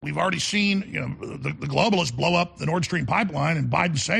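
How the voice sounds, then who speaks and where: Gravelly, raspy talk radio host. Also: male voice, fairly high pitch, a little fast, fairly bright tone. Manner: rambling, emphatic, repeats words.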